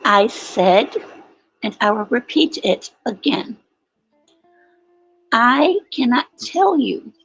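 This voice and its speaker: A woman who speaks as a guest on a talk show, slow and deliberate. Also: fairly high pitch, very animated, husky, dry recording, highs cut off, faint music behind. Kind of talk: casual chat.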